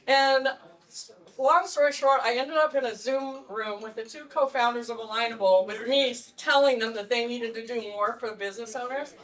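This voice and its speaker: A woman teaching a live networking workshop, telling animated stories with laughs. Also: a little high, normal speed, distant mic, low-quality recording. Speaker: networking trainer. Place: meeting room with audience.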